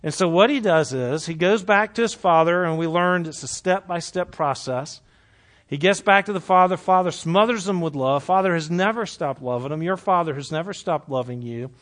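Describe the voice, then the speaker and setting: At a normal speed, a man runs a Bible study with a live group, preaching in a lively, conversational way, cracking jokes and putting questions to them before going quiet and low to make earnest points.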